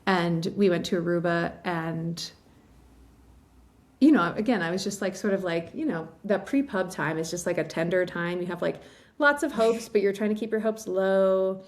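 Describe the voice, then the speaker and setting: A novelist from western Massachusetts, speaking in a lowish female voice, tells a story as a guest in a chatty interview. Her talk is full of fillers and quick laughs, and she's emotional and a little teary.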